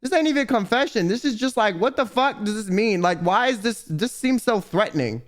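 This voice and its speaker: A man's voice: high-pitched, animated, fairly quick. A young man streaming, reading viewer confessions aloud and reacting with profane, exasperated commentary. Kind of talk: casual livestream commentary.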